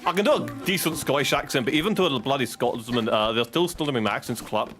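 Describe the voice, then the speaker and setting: A man's voice: mid-range voice, quick pace, soft background music. A man with an English accent giving casual commentary as he plays a game, yelping and swearing at each setback. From England. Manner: excitable, yelps and swears at setbacks. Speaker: streamer.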